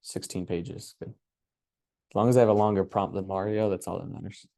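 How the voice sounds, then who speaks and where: A man hosting a workshop, walking through his screen in a relaxed, casual way and thinking aloud with many fillers. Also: deep voice, brisk, creaky, no room sound, studio quality. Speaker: workshop host. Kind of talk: casual screen-share walkthrough.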